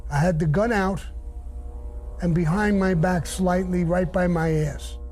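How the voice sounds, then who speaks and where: Older man, dark mellow tone, blunt profane storytelling, faint music underneath. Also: sits high, steady tone, a little slow. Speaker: interviewee recounting his past. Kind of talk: casual storytelling.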